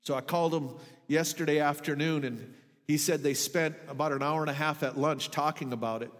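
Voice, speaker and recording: A man's voice: fairly high pitch, steady tone, fairly quick, a bit bright. Earnest male pastor preaching in a hall. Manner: earnest, emphatic preaching with rising intensity. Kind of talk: sermon. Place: church sanctuary.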